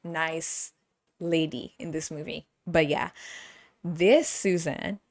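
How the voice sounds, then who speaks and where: Brief: woman host, giggly and animated, lowish voice, dry close sound. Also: slow pace, dry recording. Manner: giggly, animated, laughs often. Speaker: podcast host. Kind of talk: casual movie review chat.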